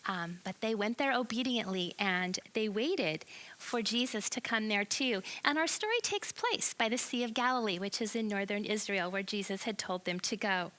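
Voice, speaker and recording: A woman teaching a children's Bible lesson, telling the story in an animated way and asking the listeners questions. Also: medium pitch, moderate pace, low-quality recording.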